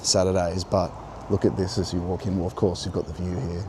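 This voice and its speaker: Deep-voiced and a little quick, this man speaks flatly while wandering a harbourside church garden, his musings casual and offhand. The vlog-style walking tour picks up outdoor noise and vehicles going by.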